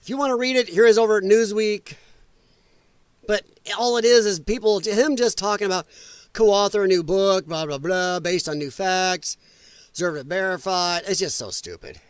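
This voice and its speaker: High-voiced man ranting on a livestream. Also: moderate pace, smooth, no room sound. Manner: blunt, ranting, mocking, with laughs and mimicry. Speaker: livestream host. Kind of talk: casual political commentary livestream.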